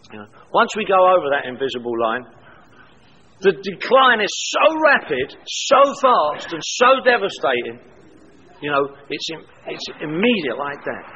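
A man's voice: on the high side, bright, forceful tone. An older man giving an emphatic, wry recovery testimony at a meeting. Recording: echoey hall, dull lo-fi sound.

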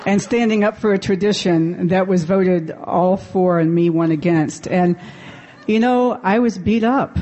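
Mellow-voiced woman giving a candid recovery talk. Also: lowish voice, unhurried. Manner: candid, self-deprecating, laughs often. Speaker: convention speaker. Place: convention meeting room.

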